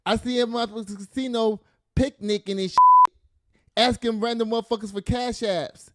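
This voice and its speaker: A man's voice: very high voice, fairly even intonation, normal speed, no room sound, clean studio sound, voice pushed up. A man voicing a brash, aggrieved young male rapper. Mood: boastful.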